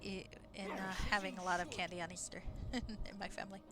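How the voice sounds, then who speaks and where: A woman's voice: mid-range voice, little pitch movement, fairly quick. A woman streaming a game, chatting casually and rambling with frequent laughs. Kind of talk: casual gameplay commentary. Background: game music.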